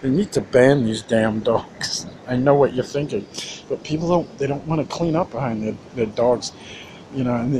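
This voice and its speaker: A man's voice: mid-range voice, background noise. A man ranting in a casual, rambling monologue, cursing often and restarting his sentences. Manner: rambling, profane, many restarts and fillers.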